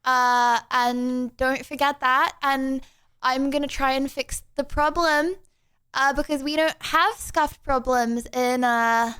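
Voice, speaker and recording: A young woman with a high voice streams from home, chatting on a desk mic. She talks slowly, drawn out and unhurried, then breaks into flustered exclamations and laughter over her tech troubles. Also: fairly even intonation, fairly bright tone, clean tone. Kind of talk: casual live-stream chat.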